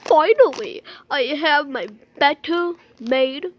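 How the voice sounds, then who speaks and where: A woman's voice: high-pitched, lively intonation, slow pace, slight background noise. A girl hosting a playful home-made skit, teasing and dramatic. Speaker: video creator.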